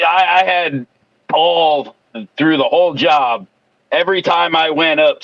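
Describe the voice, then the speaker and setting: Man, somewhat high voice, dry and slightly muffled sound, profane casual chat. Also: fairly bright tone, dry recording. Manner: swearing, boastful, laughs easily. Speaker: co-host.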